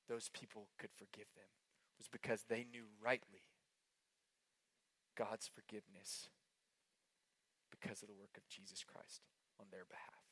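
Bright-voiced earnest male preacher. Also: mid-range voice, steady tone, takes it slowly, long pauses, no echo. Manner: earnest, emphatic preaching with repeated phrases; swings between hushed and impassioned delivery. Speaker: pastor. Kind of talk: sermon.

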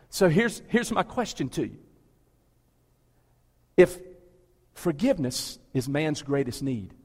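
A man preaching a sermon to a large congregation, asking rhetorical questions and swinging between low, quiet pleading and loud, emphatic preaching. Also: slightly rough, big-room sound. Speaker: pastor. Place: large church with a balcony.

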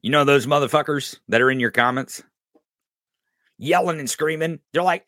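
A man's voice: fairly high pitch, moderate pace, pauses often, a bit bright, no echo, studio quality. A man hosting a podcast, ranting angrily and profanely in political commentary, mocking his opponents. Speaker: podcast host.

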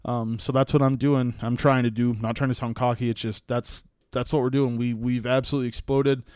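A young Texan man rambles through a casual solo podcast in an easygoing, folksy way, with lots of "you know" and "like". His voice comes through smooth and clear on a close mic in a dry, dead room. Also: mid-range voice, level tone, a little fast, a little mellow, no echo. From West Texas. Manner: rambling, folksy storytelling with frequent fillers. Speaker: podcast host and hunting guide.

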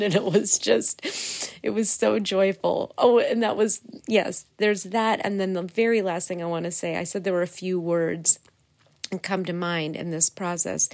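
A woman hosting her own podcast, talking casually and earnestly with many fillers and small laughs. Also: mid-range voice. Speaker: podcast host. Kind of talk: casual solo podcast talk.

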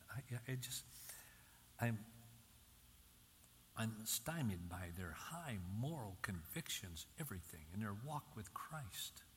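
A man's voice: lowish voice, slight background noise. Older man preaching in a reverberant hall. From Michigan, US. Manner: emphatic, repeating key phrases with rising intensity. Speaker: Christian speaker. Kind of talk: sermon-style talk to an audience. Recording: reverberant hall, faint ambience.

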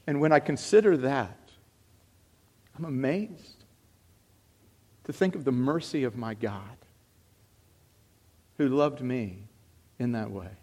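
A man preaching a sermon as a pastor, swinging between loud exclamation and hushed reflection. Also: medium pitch.

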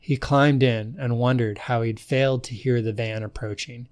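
A man narrating a story for his podcast, reading at a steady, even pace. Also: mid-range voice, moderate pace. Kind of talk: scripted narration.

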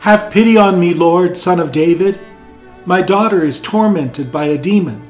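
A man's voice: mid-range voice, lively intonation, moderate pace, darkish tone, echoey room, faint music behind, close to an everyday voice. A man reading the Gospel aloud, voicing a desperate Canaanite mother who pleads with urgency. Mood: pleading.

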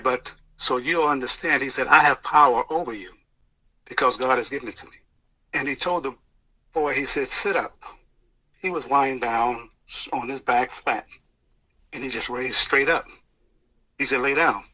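A man earnestly retelling a personal experience, halting at times and acting out what others said. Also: medium pitch, bright, forceful tone, poor audio. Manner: earnest, halting retelling with restarts and quoted dialogue. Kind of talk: personal testimony storytelling.

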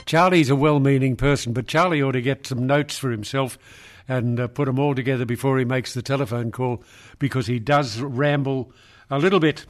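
A man hosting a talkback radio show in a dry, measured, unhurried way. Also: medium pitch, steady tone, faint music behind. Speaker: radio host.

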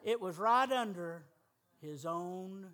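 A man's voice: high-pitched, expressive, slow pace, fairly bright tone. A middle-aged man preaching a sermon as pastor, emphatic and folksy, with humor.

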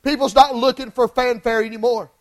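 A male preacher delivering an impassioned sermon in church, swinging from hushed lines to shouted ones. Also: very high-pitched, steady tone, a little fast, slight background noise, rough recording.

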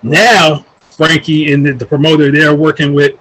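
A man tells a story in a relaxed, casual way, with a husky, slightly raised voice. He is animated and profane, and he acts out the lines of the people in it. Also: fairly high pitch, moderate pace, rough recording. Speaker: guest telling a story.

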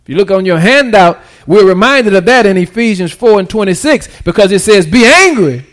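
A man preaching a sermon, calling out to the congregation and moving between hushed asides and loud, excited peaks, with casual everyday grammar. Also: high-pitched, brisk. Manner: preaching with call-and-response, swinging from hushed to shouted. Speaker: pastor.

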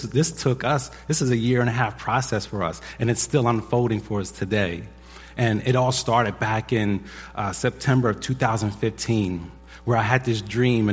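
A man in his forties, a pastor, telling a personal story from the pulpit in a husky voice, animated when he acts out what others said. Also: on the low side. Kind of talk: sermon testimony. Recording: echoey hall with long reverb.

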